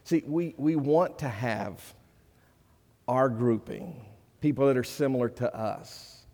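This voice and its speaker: A man's voice: mid-range voice, takes it slowly, warm tone. A middle-aged male pastor preaching a sermon, earnest and conversational, building to emphatic peaks. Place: church sanctuary. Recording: long reverb of a church hall.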